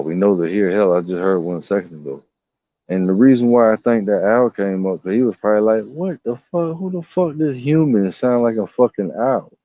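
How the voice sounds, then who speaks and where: A man's voice: low-pitched, no room sound, highs cut off. Profane rambling man telling outdoor stories. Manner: rambling, profane, animated storytelling, voices animals. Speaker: vlogger. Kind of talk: casual storytelling vlog. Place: outdoors in woods.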